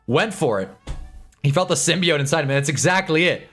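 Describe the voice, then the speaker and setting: A young man telling stories in a casual livestream chat, laughing as he goes, with loud bursts and mumbled asides. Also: on the high side, expressive, brisk. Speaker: livestream host. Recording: faint background music.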